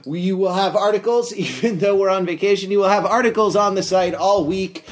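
A man hosting a casual podcast, reading the sign-off plugs with relaxed fillers. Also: high voice, brisk. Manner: laid-back, reads show plugs with fillers. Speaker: podcast host.

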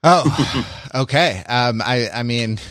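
This man hosts a podcast and talks slowly in a loose, rambling way, full of fillers and false starts. His medium-pitched voice has a fairly bright tone and lively intonation, captured at studio quality with no room sound.

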